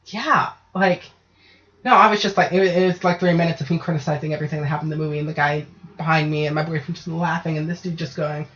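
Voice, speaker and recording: Female podcast host, casual and foul-mouthed, animated storyteller; muffled lo-fi sound. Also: low-pitched, quick pace. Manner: profane, ranting, animated storytelling. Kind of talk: casual chat. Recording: dull lo-fi podcast audio.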